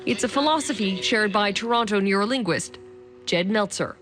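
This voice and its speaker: A woman reporter reading scripted news narration in a measured, even way. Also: mid-range voice. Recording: voice-over with background music.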